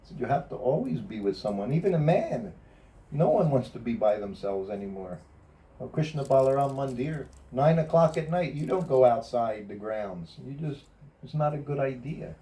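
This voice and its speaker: A man's voice: medium pitch, normal speed. Man telling stories, recorded from afar. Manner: laughs often, quotes others in lively asides. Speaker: former personal servant recalling memories. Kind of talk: casual storytelling to a small group. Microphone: phone or camera from a distance. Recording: distant phone recording.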